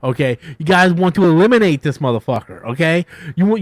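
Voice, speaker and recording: A man's voice: on the high side, big pitch swings, brisk, dry recording. Rambling, profane streamer guy. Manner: loose, profane, self-mocking, riffs and hums to himself; swings between loud bursts and mumbled asides. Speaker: YouTube host answering viewer questions. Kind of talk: rambling casual livestream chat.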